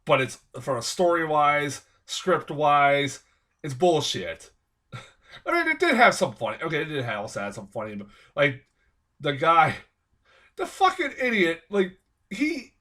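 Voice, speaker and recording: A man's voice: a little high, wildly swooping pitch, measured pace, pushed and bright. Man ranting angrily about a film. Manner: angry, profane, exasperated ranting. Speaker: movie reviewer. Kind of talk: casual film review rant.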